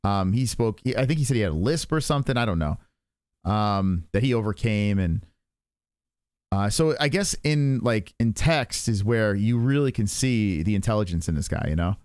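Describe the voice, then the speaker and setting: A man in his forties hosts a live stream in loose, rambling chat, swearing freely and speaking from the heart. His pitch swings widely from line to line. The sound is dry and close. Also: lively intonation, moderate pace, darkish tone, smooth, no room sound. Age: 40s. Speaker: stream host.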